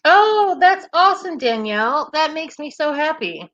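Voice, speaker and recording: A woman's voice: high-pitched, big pitch swings, a little slow, a bit bright, dull audio. A woman hosting a livestream, chatting casually and cheerfully with viewers and laughing often. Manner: bubbly, laughs often, chats with live comments. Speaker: livestream host.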